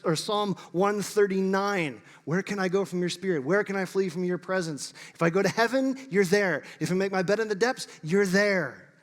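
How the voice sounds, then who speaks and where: A man's voice: high-pitched, a bit bright, long reverb tail. A man preaching a sermon, reading scripture aloud and breaking in with playful, sarcastic asides. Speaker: pastor. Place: church sanctuary.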